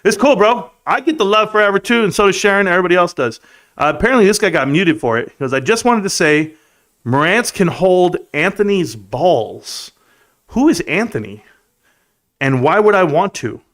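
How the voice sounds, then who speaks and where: A man's voice: sits high, expressive, normal speed, fairly bright tone. A man in his thirties hosting a live stream, reading chat aloud and joking in a rambling, casual way. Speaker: livestream host.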